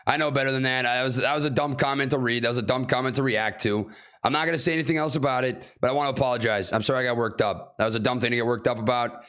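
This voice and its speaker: A man's voice: mid-range voice, steady tone, rapid-fire, a bit bright. A man from North Carolina hosting a casual livestream, reading out viewer questions and riffing on them. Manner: reads out FAQ text then riffs on it casually.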